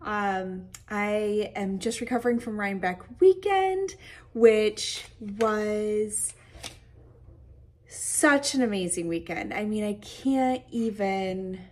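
A woman's voice: mid-range voice, lively intonation, slow. A woman hosting a casual knitting podcast, chatty and enthusiastic, her voice a little tired and hazy. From Michigan. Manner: chatty, warm-hearted, enthusiastic with fillers. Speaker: podcast host. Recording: voice a bit distant from the mic.

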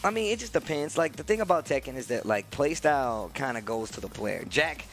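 Slangy, animated male game commentator. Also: mid-range voice, brisk. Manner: slangy, animated, playful breakdowns. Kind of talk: live esports commentary.

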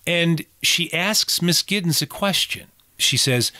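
A man's voice: a little high, no room sound, clean studio sound. A man co-hosting a film podcast, talking casually and acting out quotes from scenes. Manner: animated, acts out quotes and reads poetry slowly and darkly. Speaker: podcast co-host.

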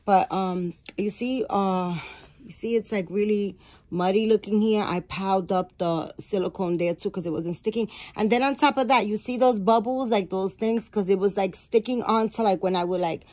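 A woman's voice: mid-range voice, normal speed, darkish tone. A middle-aged woman vlogging at home, chatting casually to her viewers, rambling and correcting herself as she goes. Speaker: doll-making vlogger.

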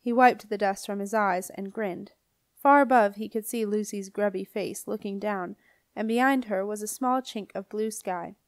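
A woman narrates a children's fantasy audiobook in a steady, clear voice at a middle pitch. The recording is dry and close to the mic. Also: moderate pace, no room sound. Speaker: audiobook reader. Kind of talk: scripted narration.

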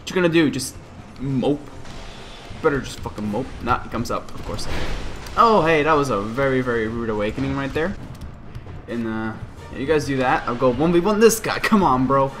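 A man giving excitable, profane commentary while playing a video game, often yelling at his teammates. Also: mid-range voice, moderate pace, faint music behind. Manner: excitable, swearing, yells at teammates. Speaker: gaming video host. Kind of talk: let's play commentary.

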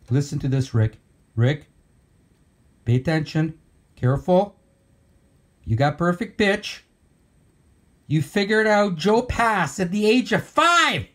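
A guitar builder filming himself with a handheld camera, talking sarcastically and ranting in mock bitterness. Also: male voice, sits high, big pitch swings, slow, pauses often, fairly bright tone. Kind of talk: sarcastic workshop vlog. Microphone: handheld camera mic.

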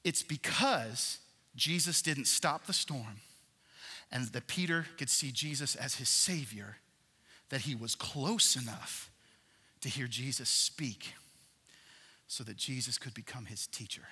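A man preaching a sermon as a pastor, animated, swinging between loud emphasis and hushed passages. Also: mid-range voice, slow, husky, long reverb tail.

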